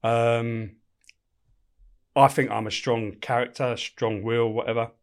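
A middle-aged man spins stories in a casual podcast chat. He talks bluntly, swears without a second thought and keeps his stories animated. His voice sits at an ordinary male pitch. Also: slow pace. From England. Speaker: podcast guest, former prison officer. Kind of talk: casual storytelling interview.

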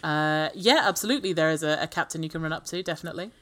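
A woman running a tabletop game, describing scenes with many pauses and fillers. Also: low voice, fairly bright tone. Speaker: game master.

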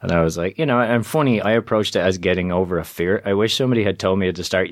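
A man from Ireland in his thirties tells stories as a guest in an interview. His voice sits a little low, and he talks in a lively, animated way, jumping into the voices of the people in his stories. The sound is dry and close. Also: fast talker, hardly any pauses, dry recording. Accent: Irish. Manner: animated storyteller who acts out voices in quotes. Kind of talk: casual storytelling interview.

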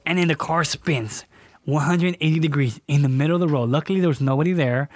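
A young man spins a story for his podcast, full of acted-out quotes and casual fillers. His voice sits a little on the high side. The sound is close and dry, with no room around it. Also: quick pace, no echo. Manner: animated, acts out quotes with fillers. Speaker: podcast co-host.

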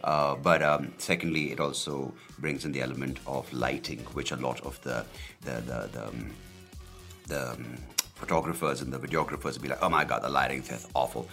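A man's voice: very deep voice, steady tone, moderate pace, vocal fry, fairly bright tone, faint music behind. A man in his thirties hosting his own podcast, rambling casually with lots of fillers and offhand swearing. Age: 30s. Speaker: podcast host. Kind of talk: casual solo podcast talk. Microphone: camera and podcast mic.

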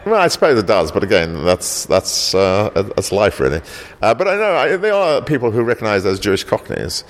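The founder of a local heritage group, a man born in South Africa, speaks at a fairly low pitch with big swings in it. He answers the interviewer falteringly, repeats words, and often finishes with "actually".

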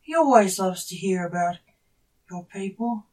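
A woman's voice: medium pitch, lively intonation, measured pace, a little mellow, distant mic, natural voice. A woman reading as a cheerful old emperor. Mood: genial. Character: elderly male Emperor of the Universe, genial.

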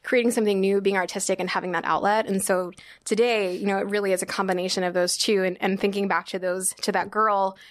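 A woman in her thirties talks casually as an interview guest. Her speech is loose and chatty, full of fillers, at a middle pitch. The sound is close and dry, with no room around it. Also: level tone, quick pace, few pauses, dry recording. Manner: chatty, lots of "like" and "you know", laughs often. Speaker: guest, sommelier.

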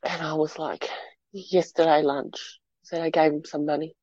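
A middle-aged woman telling a personal story in an interview, halting and repeating words as she goes. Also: low voice, steady tone, dark tone, husky, no echo, dull audio. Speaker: interview guest.

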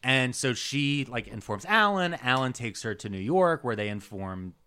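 A man hosting a casual comedy podcast, telling history in an animated, rambling, jokey way. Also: mid-range voice, normal speed, smooth. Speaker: podcast host.

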